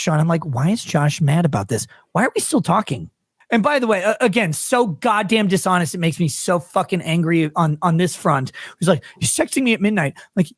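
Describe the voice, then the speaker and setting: A man's voice: high-pitched, a bit bright, no room sound, studio quality. Angry man firing rhetorical questions. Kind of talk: heated argument.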